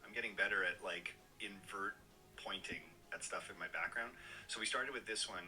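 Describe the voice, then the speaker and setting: A man's voice: fairly low pitch, normal speed, bright, forceful tone, faint music behind, low-quality recording. A man streaming and chatting casually with his viewers, laughing often and talking animatedly.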